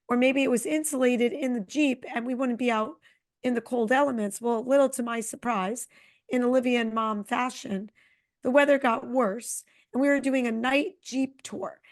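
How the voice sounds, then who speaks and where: A middle-aged woman co-hosting a podcast, chatting casually and telling a long, animated travel story. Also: fairly high pitch. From Connecticut. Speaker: podcast co-host. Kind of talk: casual chat.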